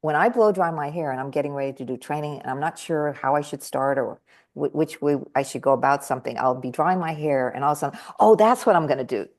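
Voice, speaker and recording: Woman guest, a touch low in pitch, animated storyteller who acts out her quotes. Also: fast. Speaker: guest speaker and trainer. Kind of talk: conversational storytelling.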